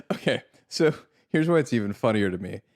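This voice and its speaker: A man's voice: mid-range voice, wildly swooping pitch, normal speed, dry recording, studio quality. A man, a podcast co-host, chatting casually in a laid-back way and laughing easily. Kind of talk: casual chat.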